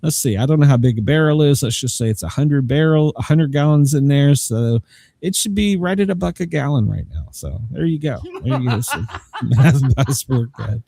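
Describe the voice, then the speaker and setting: A man's voice: mid-range voice, animated, normal speed, vocal fry, warm tone, husky, no echo. A male podcast host talks in a loose, rambling way and keeps breaking into laughter at his own stories. His voice swings widely up and down as he tells them. The sound is dry and close, with no room around it. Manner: joking, rambling, laughs often. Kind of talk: casual chat.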